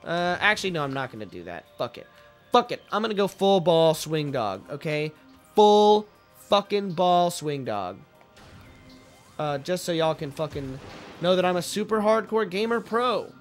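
A young man casually commentating a video game, joking and swearing, with sudden goofy shouts. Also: high-pitched, sing-song, moderate pace, soft background music. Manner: joking, profane, playful bursts of goofy shouting. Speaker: let's play gamer.

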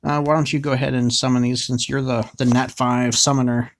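A man's voice: medium pitch, flat delivery, brisk. A man with a mid-range voice, chatting casually over a mobile game. He jokes around and cheers eagerly for every draw. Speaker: co-host summoning for a viewer. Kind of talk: casual chat while playing a mobile game.

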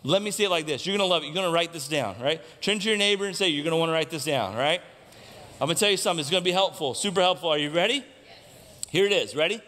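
A man with a fairly high voice delivers a sermon from the pulpit. He asks the congregation questions and repeats his main points for emphasis. His voice carries a long hall reverb from the church sanctuary. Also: racing, sharp tone. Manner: preaching with rhetorical questions to the congregation; repeats key lines for emphasis. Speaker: pastor.

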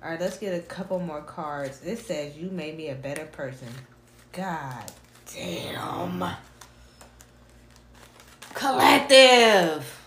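A woman doing a casual tarot reading, animated and full of slang, laughing and humming between cards. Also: deep voice, measured pace, gravelly, roomy sound, a little hiss or hum. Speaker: tarot reader.

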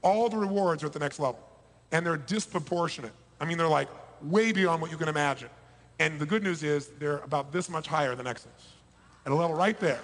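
A man delivers a motivational seminar speech, his voice sitting high for a man. He is emphatic, driving some points loud and dropping others to a hush. His voice rings with the long reverb of a large hall. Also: lively intonation, a little fast, crowd noise, background noise. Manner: emphatic, swings between loud bursts and hushed lows. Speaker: motivational speaker. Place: large hall before a live audience.

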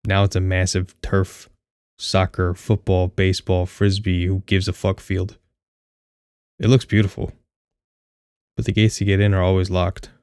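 A man's voice: low-pitched, level tone, a little slow, pauses often, a little mellow, smooth, no room sound, clean studio sound. A young man reading his own first-person short story aloud, with a wry, candid, casually profane manner. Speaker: audiobook narrator.

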